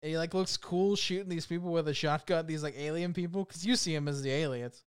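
Young male podcast co-host, slightly higher voice, smooth and clear, laughing through scene recaps. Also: fast. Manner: laughing, animated retelling of film scenes. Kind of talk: casual podcast chat.

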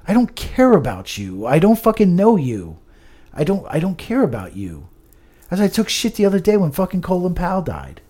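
Ranting, swearing man with a lively voice. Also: high-pitched, normal speed. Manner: profane, ranting, stumbling restarts. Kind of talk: casual podcast chat.

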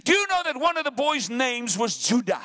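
A male preacher in full flight, his voice sitting very high and leaping all over the place. The tone is bright and forceful, and he shouts through passionate stretches, alternating quick bursts with slow, drawn-out lines. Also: big pitch swings. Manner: impassioned, frequently shouting; swings between rapid bursts and slow drawn-out phrases. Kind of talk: sermon.

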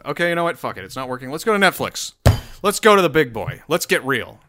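A man's voice: on the high side, very animated, quick pace, sharp tone. A man hosting his own solo show, rambling and swearing in a casual rant full of restarts. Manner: rambling, profane, self-interrupting.

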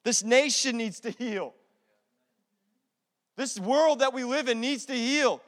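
Man, young adult, pastor's sermon, high voice, long hall reverb, loud to hushed swings. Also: a little slow, pauses often. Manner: animated, swings from loud preaching to hushed asides.

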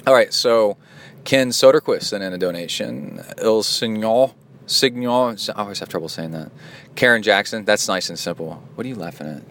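A man's voice: on the low side, moderate pace, a bit bright, a little hiss or hum. A man hosting a casual podcast, joking and goofing around as he reads out donations. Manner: playful, joking, goofy asides. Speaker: podcast host.

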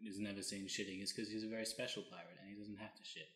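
A man co-hosting a comedy podcast, joking around with quick comebacks. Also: lowish voice, flat delivery, a bit bright. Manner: banters, fast comebacks. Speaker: podcast co-host. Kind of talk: joking casual chat. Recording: roomy echo.

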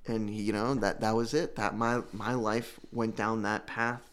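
A man giving an emotional personal testimony about recovery, earnest and halting, with many restarts. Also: on the low side, little pitch movement, a bit bright, smooth. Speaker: guest telling his recovery story.

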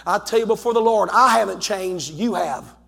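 A man with a Southern accent preaching a fiery revival sermon as pastor, swinging between shouted warnings and low, quiet pleading. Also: moderate pace, vocal fry, background noise. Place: large church sanctuary. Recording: long hall reverb.

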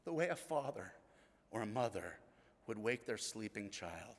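A middle-aged man preaching a sermon as pastor, telling the story earnestly and often dropping to a hushed tone. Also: lowish voice, big pitch swings, moderate pace, in a large hall.

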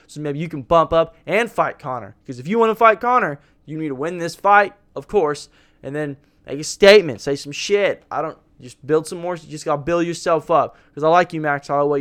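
A young man hosting a casual podcast, talking in a rambling, excitable way with a lot of swearing. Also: fairly high pitch, clean tone. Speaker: podcast host. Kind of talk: casual fight-talk podcast monologue.

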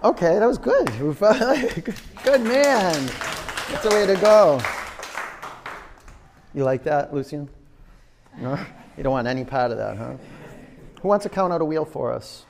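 A man's voice: fairly high pitch, very animated, a little slow, gravelly, pauses often, some chatter behind, a little hiss or hum. A man teaching a yoga class in a studio, counting down holds and coaxing students in a playful, encouraging way. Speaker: yoga instructor.

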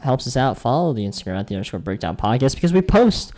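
A man's voice: mid-range voice, big pitch swings, fast talker, a little mellow. A man hosting a podcast, chatting casually and joking about sports picks. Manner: chatty, joking, trails off mid-sentence. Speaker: podcast host. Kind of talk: casual sports betting chat.

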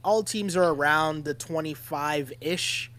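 A man's voice: a little high, measured pace. A man co-hosting a casual sports podcast, talking animatedly and often checking in with his partner. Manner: animated, keeps checking in with "right?". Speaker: podcast co-host.

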